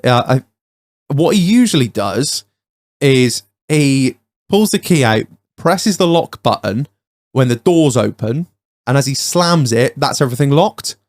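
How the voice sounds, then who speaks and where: A man's voice: mid-range voice, lively intonation, measured pace, dry recording. Sweary man telling stories on a podcast. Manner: sweary storytelling. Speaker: podcast host. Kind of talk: casual chat.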